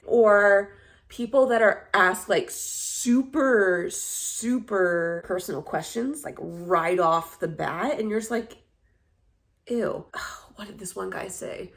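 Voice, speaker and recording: A young woman talks straight to camera in a relaxed vlog chat, candid and blunt, with swearing sprinkled through. Her voice sits a little low and has a gravelly fry running under it. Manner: candid and blunt, swears freely, animated storytelling. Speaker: vlogger. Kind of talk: casual chat.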